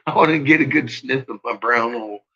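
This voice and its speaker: A man's voice: medium pitch, pushed and bright, husky, muffled recording. A man hosting a casual livestream chat, rambling, swearing freely and laughing often. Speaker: channel host.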